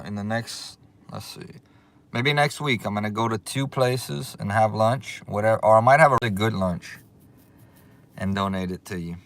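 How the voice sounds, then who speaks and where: A man hosting a casual livestream, excitable and drawling as he thanks his viewers over and over. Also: on the low side. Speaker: livestream host. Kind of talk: casual live chat. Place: outdoors.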